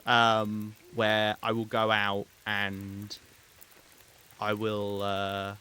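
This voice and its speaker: Male game streamer, lowish bright voice, rambles and thinks aloud on a live stream. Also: completely flat delivery, drawn-out words, a little hiss or hum. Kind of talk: live gameplay commentary.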